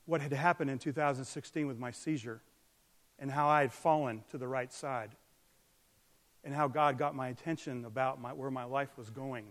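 A man preaching a sermon, earnest, swinging from loud emphatic peaks down to soft, quiet remarks. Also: mid-range voice, in a large hall. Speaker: pastor.

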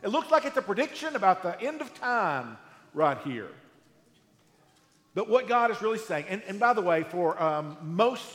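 High-voiced pastor preaching in an echoey hall. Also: male voice. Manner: conversational, animated, asks the congregation questions. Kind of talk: sermon. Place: church hall with live congregation. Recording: echoey hall, roomy reverb.

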